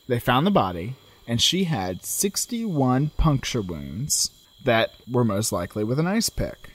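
Lively man telling a true-crime story. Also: medium pitch, a little slow. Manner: storytelling, animated, darkly joking. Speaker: podcast co-host. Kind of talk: casual true-crime chat.

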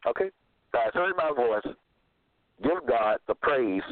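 Guy preaching slow and emphatic, repeats stuff, sounds like it's over a phone. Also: mid-range voice, lively intonation, crowd noise. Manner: emphatic, repeats phrases, spells out words. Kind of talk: scripture-reading sermon. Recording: tinny phone-line sound.

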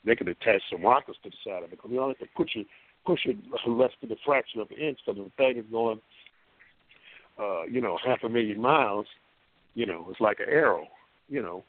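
A man's voice: lowish voice, animated, a little fast. A man talking as a guest on a call-in show, folksy and rambling, with many fillers and restarts, over a phone line. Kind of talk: call-in radio talk.

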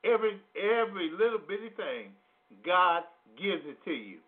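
A man preaching a teaching on a psalm, speaking slowly, repeating phrases for emphasis and putting questions to his listeners in casual vernacular grammar. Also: high-pitched, sing-song. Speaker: radio preacher. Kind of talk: slow sermon teaching on scripture. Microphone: phone call-in to internet radio. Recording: tinny phone-line audio.

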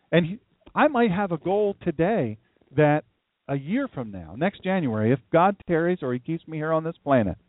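Guy from downstate delaware preaching, lively up and down voice, folksy rambly, sounds like a phone line. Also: fairly high pitch, no room sound. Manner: folksy, conversational, rambling asides. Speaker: pastor. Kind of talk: livestream sermon. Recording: dry, tinny phone-like sound.

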